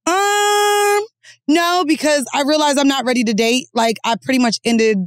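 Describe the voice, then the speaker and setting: A woman co-hosting a podcast, telling stories in a blunt, profane, animated way. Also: high-pitched, moderate pace, no room sound, studio quality. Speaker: podcast co-host. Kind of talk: candid casual chat.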